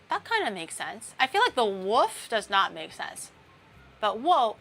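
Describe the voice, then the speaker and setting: Bright, chatty young woman streamer. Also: medium pitch, sing-song, a little slow. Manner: chatty and rambling, with many fillers and playful tangents. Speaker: VTuber streamer. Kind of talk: casual livestream chat while baking.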